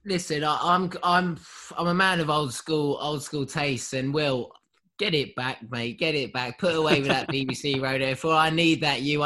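A man on a fan podcast teases his co-host with emphatic, jokey banter. His voice is bright and forceful. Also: mid-range voice. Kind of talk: casual podcast chat.

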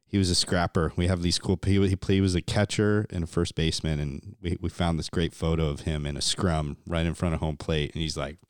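A man's voice: low-pitched, fairly even intonation, fairly quick, few pauses, clear, resonant tone, dry recording, studio quality. A man hosting a casual interview, friendly and easygoing, laughing along with his guest. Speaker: podcast host.

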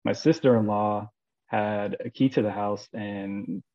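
A man's voice: fairly low pitch, steady tone, unhurried, warm tone, dull audio. A man in his thirties from Florida, a guest author telling a story casually and animatedly, acting out the voices of the people in it, with many fillers. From Florida, USA.

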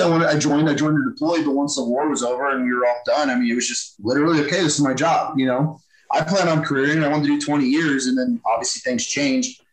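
A man's voice: a little high, reverberant, rough recording. A man who is a former Marine, telling war stories as a podcast guest in a blunt, profane, casual way and acting out the banter he quotes. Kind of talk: casual storytelling interview.

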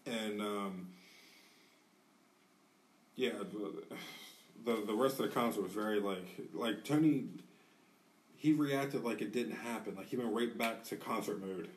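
A male podcast co-host tells a rowdy story in a casual, profane, animated way, acting out what people said. He has a fairly low pitch and a measured pace with long pauses. The mic is distant in a studio, with a little hiss or hum.

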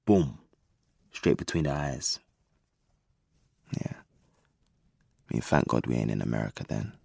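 A man's voice: a bass voice, expressive, takes it slowly, creaky, darkish tone, breathy edge, no echo, studio quality, heavily acted. An actor playing a streetwise young man, musing wryly in a casual, slangy way. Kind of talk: audio drama monologue.

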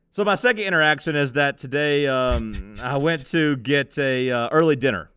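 Smooth-voiced man telling rambling stories. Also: mid-range voice, lively intonation, a little fast, few pauses, a bit bright, dry recording, clean studio sound. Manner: rambling storyteller, laughs easily. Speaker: podcast co-host. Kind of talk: casual podcast chat.

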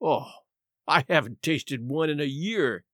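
A man voicing a quiet, dryly ironic, down-and-out gentleman in a story reading. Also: fairly high pitch, expressive, unhurried, dry recording, clean studio sound.

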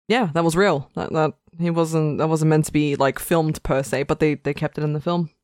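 A woman's voice: low-pitched, fairly even intonation, normal speed, darkish tone, no room sound, clean studio sound. A woman co-hosting a podcast, chatting enthusiastically with frequent fillers and repeated words. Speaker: podcast co-host. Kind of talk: casual chat.

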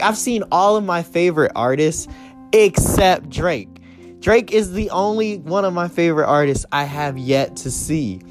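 A man hosting a podcast, ranting casually and profanely, his voice jumping high when he gets heated as he paces a small room. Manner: profane, heated ranting with big pitch jumps. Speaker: podcast host. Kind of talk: casual solo rant. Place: small room with door closed.

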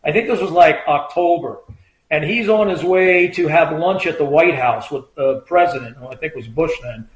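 A man's voice: a little high, normal speed. A middle-aged man, a retired trooper, telling stories in a loose, rambling way, full of fillers and acted-out quotes. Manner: rambling, filler-heavy, acts out quoted lines in a raised voice. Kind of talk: casual anecdotal storytelling. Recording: roomy echo.

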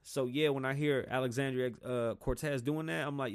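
Male podcast host, mid-pitch, dry close sound, profane and combative. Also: steady tone, moderate pace, no room sound. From United States. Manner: profane, heated, talks in bursts and mocks people in loud voices. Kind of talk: ranting solo podcast monologue.

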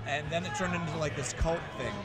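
An American band musician chats loosely in an interview, rambling and swearing freely. His voice sits fairly high, with music playing clearly behind him. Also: fairly quick. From United States. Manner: rambling, frequent swearing, restarts. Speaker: touring band musician, guest. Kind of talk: casual interview chat.

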